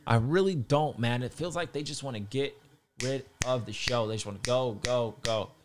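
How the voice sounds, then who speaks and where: A young man, a wrestling commentator, goes on a heated, casual rant about wrestling, swearing often and repeating himself as he gets worked up. His voice is medium-pitched at a moderate pace.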